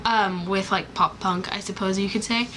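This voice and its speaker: A chatty young woman talks casually to her camera, bubbly and rambling, with plenty of fillers and restarts. Her pitch sits in a middling range. Faint hiss runs under her voice. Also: steady tone, moderate pace, fairly bright tone, rough recording. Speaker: vlogger.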